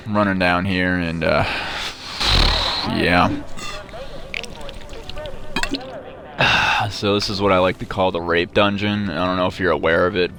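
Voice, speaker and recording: A man giving sarcastic, mock-bragging gameplay commentary, profane and rambling. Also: low voice. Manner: rambling with frequent restarts. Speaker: gamer commenting on his play.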